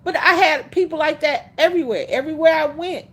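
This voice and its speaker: A woman hosting a livestream, telling stories in a casual, animated way, laughing often and speaking bluntly. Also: high-pitched, fairly quick. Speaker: livestream host.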